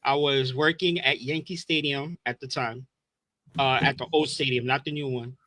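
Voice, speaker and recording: A man co-hosting a podcast, excitable and profane, reacting quickly and telling his own stories. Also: mid-range voice, no room sound. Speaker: podcast co-host. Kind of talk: casual chat, storytelling.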